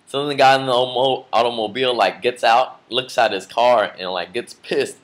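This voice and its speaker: A man's voice: mid-range voice, normal speed. A man casually telling a story to camera in a vlog, rambling with lots of fillers and restarts. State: just woke from a nap. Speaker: vlogger.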